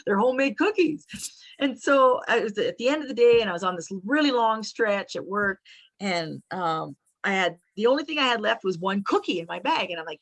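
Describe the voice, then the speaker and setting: Woman, truck driver, chatty storyteller, middle pitch, dry sound. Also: expressive, a little fast, dry recording. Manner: chatty, repeats and restarts, acts out both sides of her inner voice. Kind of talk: animated storytelling in a podcast chat.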